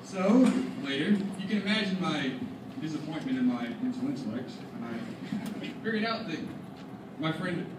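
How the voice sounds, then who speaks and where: A man's voice: a little high, moderate pace, heavy background noise. A teenage boy performing stand-up comedy at a school show, telling stories and acting out his friends' lines. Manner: animated storytelling, acts out friends' lines. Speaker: student comedian. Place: school auditorium with live audience. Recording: echoey hall, distant, loud crowd laughter.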